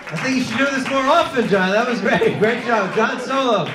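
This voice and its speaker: Very high-voiced male emcee in a noisy club. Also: expressive, moderate pace, crowd noise. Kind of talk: emcee wrap-up. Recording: echoey noisy club, mic far off. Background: loud audience noise.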